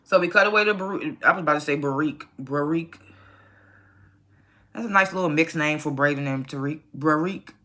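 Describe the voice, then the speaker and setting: Young adult TV reviewer, bright forceful voice, blunt and profane, ranting casual recap. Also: medium pitch, normal speed. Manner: animated, rising to loud rants. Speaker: TV show reviewer.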